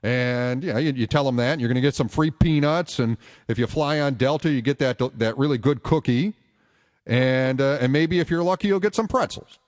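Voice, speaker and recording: A male talk radio host, his voice medium in pitch and fairly quick, delivers an opinionated, emphatic monologue full of rhetorical questions and takes calls from listeners. The sound carries like it's in a large hall.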